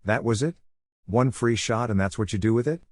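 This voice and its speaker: A man reading the lines of a calm, cold teenage ninja boy with a deadpan delivery. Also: lowish voice, a little fast, no room sound, natural voice. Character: calm, menacing masked teen boy ninja.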